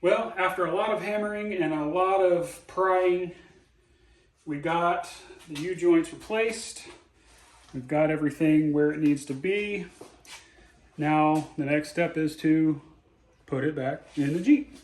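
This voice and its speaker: A man's voice: on the high side, a little slow, pauses often, roomy sound, distant mic, poor audio. A man hosting a DIY car repair video in his garage, talking casually and joking as he explains each step aloud. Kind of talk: casual how-to narration while working. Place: home garage.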